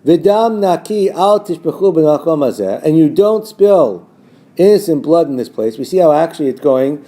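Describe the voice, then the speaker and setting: Bright man teaching a Bible lesson. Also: animated. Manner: reads Hebrew verses slowly and translates them line by line; rises in pitch when quoting the false prophets' words. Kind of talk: recorded lesson on a biblical text.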